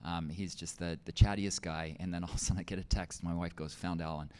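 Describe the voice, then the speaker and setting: A man's voice: low-pitched, steady tone, quick pace, a little mellow, clean tone. A middle-aged male teacher sharing a personal faith story in an interview, talking in a loose, conversational way with many fillers and restarts.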